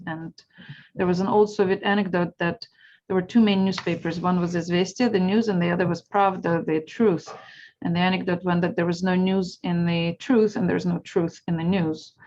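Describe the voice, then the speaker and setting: A woman's voice: on the low side, a little mellow, dull audio, a little hiss or hum. A woman from Ukraine with a Ukrainian accent, a historian giving an earnest, explanatory talk over a video call. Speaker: guest speaker, historian.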